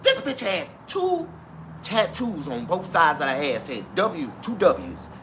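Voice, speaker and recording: A man's voice: high-pitched, huge pitch swings, measured pace, pushed and bright, a little hiss or hum. A man in his forties telling a crude, rambling comic story who often laughs at his own punchlines. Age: 40s.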